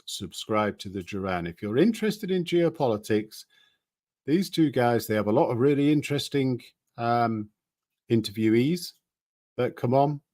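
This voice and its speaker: A man's voice: mid-range voice, dry recording, clean studio sound. A man giving casual, skeptical commentary on current events, often reading articles aloud and asking rhetorical questions. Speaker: political commentator.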